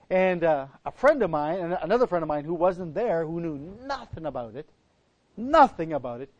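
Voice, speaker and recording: A man's voice: high-pitched, lively intonation, a little fast, darkish tone. A middle-aged man, a pastor, preaching a sermon in a folksy, rambling way, telling a personal story with frequent restarts. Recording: dull lo-fi recording.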